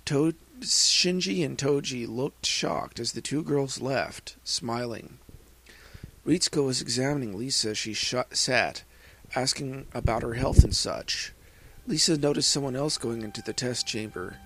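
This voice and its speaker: A man narrating fan fiction aloud in an earnest, slow reading with small slips. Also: medium pitch, fairly bright tone, slightly rough. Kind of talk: amateur audiobook narration.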